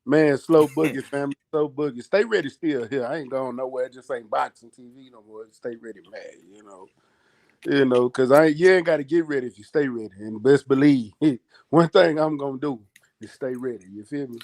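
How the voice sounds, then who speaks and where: A man's voice: medium pitch, a little fast. A man co-hosting a boxing podcast, talking in a heated, emphatic, slangy way and repeating his points. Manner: emphatic, loud and repetitive, slangy. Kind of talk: heated casual chat.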